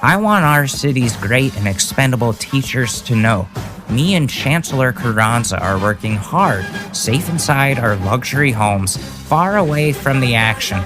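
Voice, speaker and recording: A man's voice: mid-range voice, natural voice. A man mocking a smug, callous mayor. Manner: loud, sneering mock speech. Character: smug, callous male big-city mayor, self-mocking.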